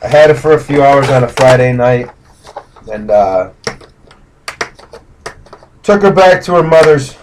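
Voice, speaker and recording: A man's voice: medium pitch, lively intonation, measured pace, pauses often, a little mellow, slight background noise, poor audio. A man casually recounting a personal story in a blunt, profane way, rambling with fillers and restarts. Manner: blunt, profane, indignant retelling. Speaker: vlogger.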